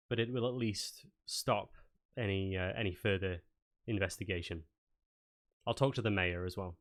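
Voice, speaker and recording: A man narrating as game master, talking in a hesitant, low-key way. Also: steady tone, moderate pace, long pauses, a bit bright. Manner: hesitant, many fillers and restarts, low-key.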